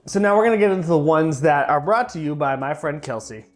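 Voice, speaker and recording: A man's voice: fairly high pitch, lively intonation, quick pace. A young man with a chatty, joking manner, casually reviewing sauces in a vlog and trailing off into fillers. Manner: playfully repeats and mispronounces words. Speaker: food reviewer. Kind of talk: casual food tasting vlog.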